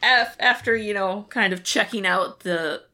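A woman co-hosting a podcast in casual recap chat, animated and laughing, often acting out characters' lines. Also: mid-range voice, a little slow. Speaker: podcast co-host.

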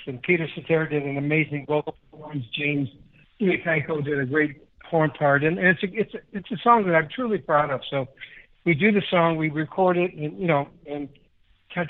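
Older man from Chicago, interview guest; slightly raised pitch, rambling anecdotes, heard through a thin phone-style line. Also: narrow, tinny audio. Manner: animated, rambling anecdotes with many restarts. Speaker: guest musician. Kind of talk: casual interview storytelling.

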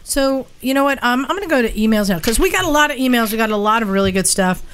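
Host voice, mid pitch, easygoing, faint hiss. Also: animated, fast talker, fairly bright tone. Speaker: podcast host. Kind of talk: casual chat, running the show.

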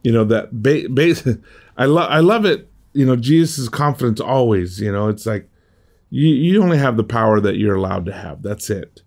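A man's voice: medium pitch, expressive, moderate pace, darkish tone. Earnest man preaching with restarts. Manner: earnest, with frequent restarts and repeated words. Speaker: pastor. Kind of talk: sermon.

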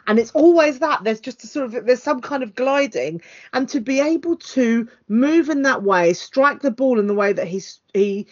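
A woman's voice: on the high side, expressive, moderate pace, lo-fi sound. Rambling woman on a football podcast. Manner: rambling, hesitant, many fillers. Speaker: podcast co-host. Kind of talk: casual football chat.

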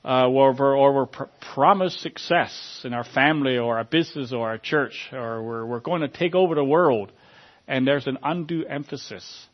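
A man giving an informal sermon in a conversational way, often restarting his sentences and filling pauses with ums. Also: medium pitch, muffled recording. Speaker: preacher.

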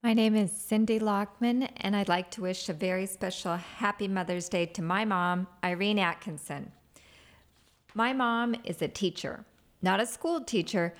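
A middle-aged woman reading a prepared tribute in an earnest, steady way. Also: fairly low pitch. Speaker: caller sharing a tribute.

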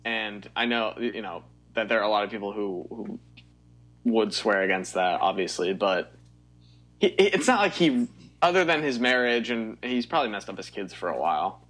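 A man's voice: on the low side, expressive, normal speed, fairly bright tone. A young man co-hosting a podcast, giving rambling opinions with frequent fillers and restarts. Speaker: podcast co-host. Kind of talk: casual chat.

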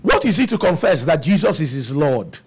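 A man's voice: a little high, sing-song, brisk, husky. A man preaching a sermon, asking the congregation rhetorical questions.

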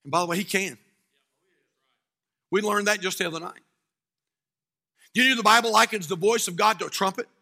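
Preacher, male; high, piercing voice; shouts, then drops to a hush. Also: fairly even intonation, a little fast, vocal fry, pauses often. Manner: swings from shouted fervor to hushed quiet. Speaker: pastor. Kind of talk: sermon.

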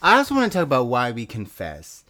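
A man's voice: medium pitch, huge pitch swings, fast, bright, forceful tone, dry recording. A man co-hosting a talk show in casual chat, wry and teasing. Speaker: podcast co-host.

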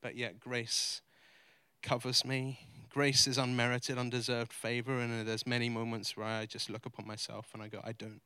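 An earnest male pastor preaching into a mic, his voice bright and crisp. He swings between loud, emphatic declarations and quiet, halting confession. The sound is close and dry. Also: mid-range voice, little pitch movement, no room sound. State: close to tears. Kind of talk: sermon. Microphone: handheld or stage mic.

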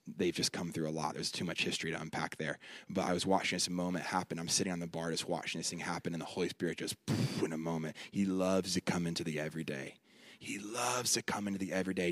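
A man with a deep, low voice preaches a conference sermon. He talks slowly and deliberately, repeating phrases and building to loud, emphatic peaks. The sound is dry and close. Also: dry recording.

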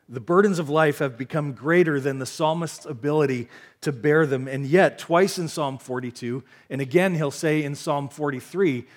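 A man preaching a sermon as pastor, earnest and repeating key lines for emphasis. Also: medium pitch. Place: church sanctuary.

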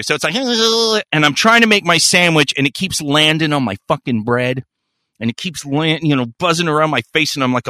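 A man co-hosting a podcast, telling a profane, animated story in casual chat. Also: on the high side, normal speed, no echo. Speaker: podcast co-host.

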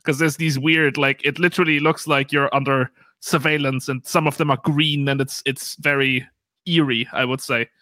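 A man's voice: mid-range voice, little pitch movement, normal speed, sharp tone, dry recording. A man co-hosting a podcast in casual chat, laughing easily and bantering playfully. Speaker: podcast co-host. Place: Munich home.

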